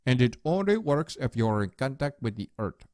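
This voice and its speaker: A man putting on a calm, solemn guru voice. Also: mid-range voice, moderate pace, no echo, studio quality, close to an everyday voice. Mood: serene. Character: calm wise male guru teaching mystic secrets.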